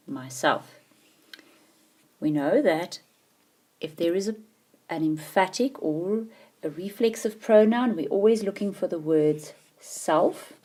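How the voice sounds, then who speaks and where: A woman teaching a grammar lesson, explaining patiently with clear, emphatic stresses. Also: lowish voice, darkish tone.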